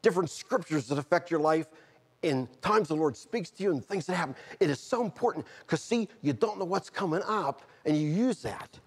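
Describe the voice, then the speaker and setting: A middle-aged man preaches a sermon, telling his testimony in a husky voice. His pitch sits a little high, and he swings from quiet storytelling to fervent cries. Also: animated, brisk. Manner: earnest, swings from quiet storytelling to shouted fervor.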